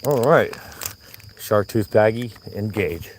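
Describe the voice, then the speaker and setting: A man chatting to his viewers on a live vlog while walking a trail, his voice hoarse from yelling. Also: fairly low pitch, normal speed, a little hiss or hum. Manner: chatty, talks to himself and viewers. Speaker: vlogger. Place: outdoor nature trail.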